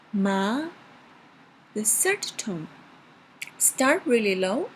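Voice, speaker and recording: A woman's voice: vocal fry, slight background noise, rough recording. Patient woman teaching tones. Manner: slow, patient, models tones with exaggerated pitch. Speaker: Chinese language teacher. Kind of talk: video language lesson.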